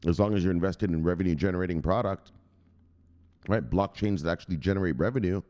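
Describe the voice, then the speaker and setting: A man's voice: low-pitched, quick pace. A man hosting a crypto channel in a brash, profane ranting monologue. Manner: brash, profane, shouts "bang".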